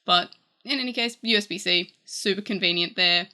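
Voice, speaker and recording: A woman's voice: medium pitch, moderate pace, sharp tone. A woman with an Australian accent, chatting casually through a gadget review, rambling a little with fillers and restarts. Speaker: tech reviewer.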